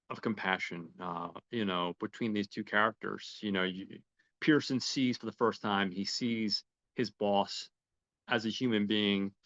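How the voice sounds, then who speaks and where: A man's voice: fairly low pitch, a bit bright, no echo, highs cut off. A man casually retelling a film plot on a podcast, briefly voicing the characters and often repeating words and saying um. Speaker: podcast host.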